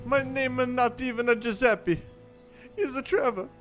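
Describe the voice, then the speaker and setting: Guy doing a put-on italian pizza guy, squeaky high, broken english, faint music behind. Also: moderate pace, a bit bright. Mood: indignant. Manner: broken English, overdone stereotype. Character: male townsman faking a broad Italian pizzeria owner. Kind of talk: amateur fan dub.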